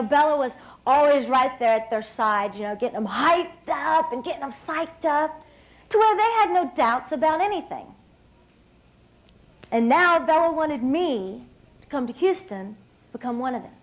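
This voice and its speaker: Woman in her thirties from West Virginia, high and bright; upbeat, emphatic storyteller giving a podium speech. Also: rough recording. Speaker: hall of fame speaker. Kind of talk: public speech. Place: stage at an evening banquet.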